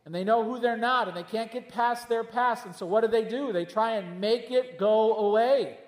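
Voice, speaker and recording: A man preaching a sermon as pastor, mixing teaching with jokes and chatty asides. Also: sits high. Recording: echoey hall with long reverb.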